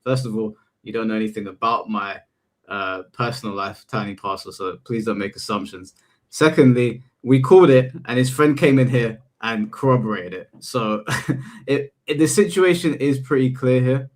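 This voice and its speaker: A man hosting a casual podcast chat, speaking in a measured way as he weighs his opinions. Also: mid-range voice.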